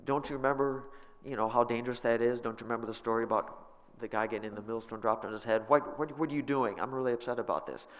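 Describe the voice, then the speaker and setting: A man's voice: medium pitch, fast talker, natural voice. A man voicing an army commander who scolds with incredulous questions, in a reverberant church hall. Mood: exasperated. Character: exasperated adult male army commander.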